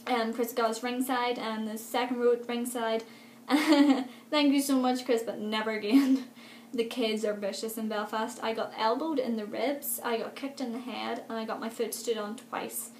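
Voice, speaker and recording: Young woman vlogger, excitable and rambling; higher voice, roomy home recording. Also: normal speed. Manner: chatty and gushing, many fillers, laughs often. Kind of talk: excited casual vlog chat. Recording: echoey room with faint background noise.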